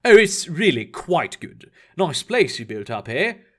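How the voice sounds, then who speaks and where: A man voicing a warm, refined woman pilot with an English accent in a read-aloud story. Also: low voice, very animated, a little slow, full character voice. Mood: polite. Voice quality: refined, polished.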